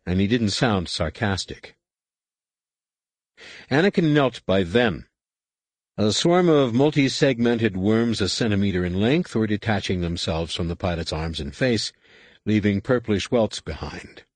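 A man narrating an audiobook with expressive storytelling intonation. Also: fairly low pitch, unhurried, no echo. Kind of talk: scripted narration.

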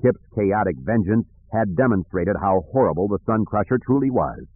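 Husky low-voiced male audiobook narrator. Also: lively intonation, moderate pace, dry recording. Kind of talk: scripted narration. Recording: dry tinny phone-like recording.

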